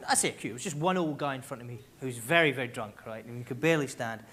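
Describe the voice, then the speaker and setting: A Scottish man doing live stand-up comedy on a concert hall stage, telling stories in an animated way with quick asides. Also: medium pitch. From Scotland. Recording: live theatre recording, loud crowd laughter.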